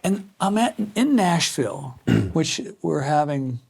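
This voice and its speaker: An older man with a gravelly edge and a slightly raised pitch tells stories from his years building guitars. He talks in a loose, conversational way and slips into the voices of the people he quotes. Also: slow. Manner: animated anecdotes, acts out quoted voices. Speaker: guitar company founder being interviewed. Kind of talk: conversational storytelling.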